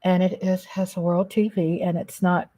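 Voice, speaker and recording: A woman hosting a casual livestream, reading viewers' comments aloud and chatting in a slow, affectionate way, often calling them baby and darling. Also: on the low side, flat delivery, warm tone. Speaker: livestream host reading chat.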